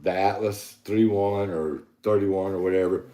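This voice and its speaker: Low-voiced man telling a rambling story. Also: steady tone, moderate pace, mellow. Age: middle-aged. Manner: rambling, profane, retells dialogue with many "I said". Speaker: podcast co-host. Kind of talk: casual storytelling chat. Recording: echoey room.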